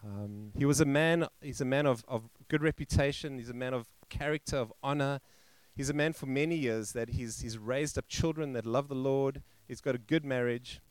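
A male pastor telling a story in a sermon, halting and restarting, and acting out the quoted voices. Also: mid-range voice, clean tone, no echo. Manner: halting, with frequent restarts and fillers. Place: church.

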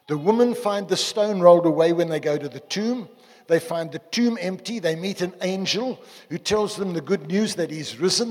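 A man preaching a sermon to a congregation, animated and joking with his listeners. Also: high voice, breathy edge. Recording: long hall reverb.

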